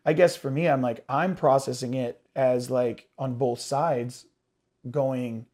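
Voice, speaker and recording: A man talking with his partner, halting and searching for words with many restarts. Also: medium pitch, steady tone, a little mellow. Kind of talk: casual couple's conversation.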